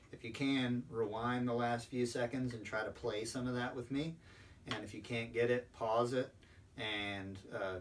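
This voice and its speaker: A man explaining drum rudiments step by step as a percussion instructor, patient and sprinkling in ums. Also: fairly low pitch. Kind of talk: recorded instructional lesson. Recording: distant mic with faint background noise.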